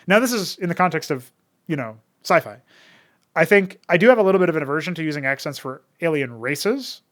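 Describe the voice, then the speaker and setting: A man's voice: on the high side, expressive, brisk, a bit bright. An American man hosting a casual solo talk show, rambling with many fillers and restarts. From United States. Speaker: podcast host and modder.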